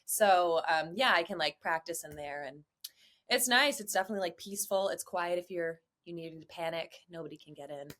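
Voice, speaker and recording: A young woman from Nevada, a guest in a casual interview, talking in an animated, chatty way and laughing easily. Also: fairly low pitch, fairly quick. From Reno, Nevada.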